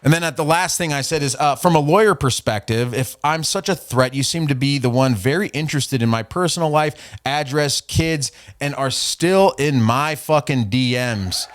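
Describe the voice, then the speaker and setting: A man's voice: mid-range voice, moderate pace, hardly any pauses. A man hosting a podcast, ranting profanely and mockingly while reading out an argument from his messages. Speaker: podcast host. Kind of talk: casual podcast rant.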